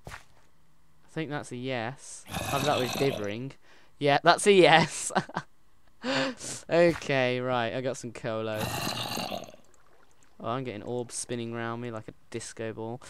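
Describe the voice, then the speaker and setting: A man giving casual, excitable commentary while playing a game, chatting to his in-game pet wolf. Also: medium pitch, unhurried, pauses often. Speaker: gaming channel host. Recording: loud background noise.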